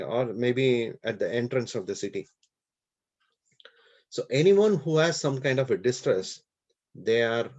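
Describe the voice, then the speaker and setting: A man's voice: medium pitch, a little mellow. Guy preaching, retelling an old story casually, asks questions and answers them, muffled recording. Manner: conversational retelling with rhetorical questions. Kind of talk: sermon storytelling. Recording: dull lo-fi recording.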